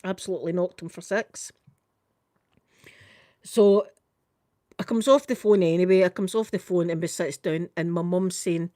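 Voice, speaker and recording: A woman's voice: fairly low pitch, fairly even intonation, moderate pace, long pauses, mellow, no room sound, studio quality. A middle-aged woman with a Scottish accent telling a long story to her live stream in a chatty, tumbling way, full of local idiom. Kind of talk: casual storytelling chat.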